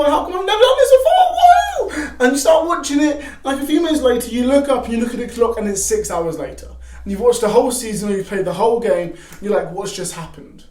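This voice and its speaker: A young man giving casual faith advice to camera, animated, acting out excited quotes. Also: high voice. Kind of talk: casual devotional talk to camera. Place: garage. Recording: echoey garage from a distance.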